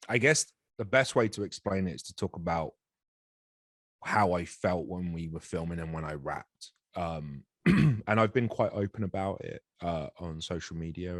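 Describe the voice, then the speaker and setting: A man's voice: low-pitched, no echo, clean studio sound. A man in his thirties, an actor guest telling a candid, self-deprecating story in an interview, rambling with frequent restarts.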